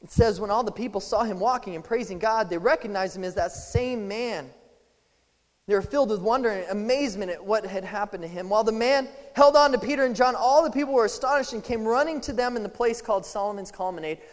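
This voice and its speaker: A man preaching a sermon, casual and animated, acting out scripture scenes in little voices. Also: high voice, fast talker. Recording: long hall reverb.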